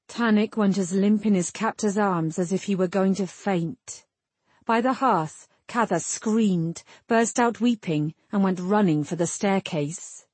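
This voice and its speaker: Woman narrator, audiobook, husky tone, dry close read. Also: medium pitch, a little slow, darkish tone, no echo.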